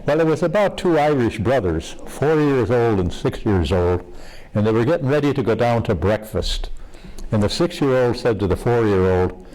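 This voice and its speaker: A man's voice: mid-range voice, lively intonation, fairly quick, a little mellow, low-quality recording. An older man telling jokes in an interview, folksy and laughing at his own punchlines.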